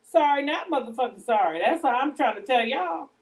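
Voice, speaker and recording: A middle-aged woman talks bluntly and profanely on a casual home live stream, cooking while she talks. Her voice sits a little high. She stands a bit back from the phone, so the voice sounds somewhat distant. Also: animated, fairly quick. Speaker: livestream host. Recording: voice a bit off-mic.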